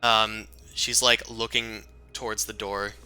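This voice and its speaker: A man's voice: fairly low pitch, flat delivery, slow, pushed and bright, clear, resonant tone, faint music behind. A man narrating a tabletop game as game master, in a loose, casual way with many fillers.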